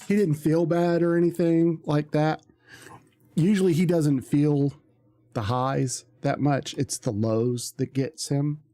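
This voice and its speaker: Slow, mellow-voiced man chatting. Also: fairly high pitch, fairly even intonation. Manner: rambling, many ums and restarts. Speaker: streamer. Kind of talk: casual chat.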